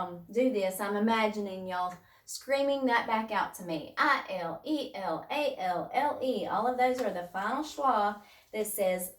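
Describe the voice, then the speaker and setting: A woman teaches young children phonics at a slow, patient pace, sounding out words piece by piece. Her voice is heard from a distance in a roomy space. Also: mid-range voice. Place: home room, distance learning.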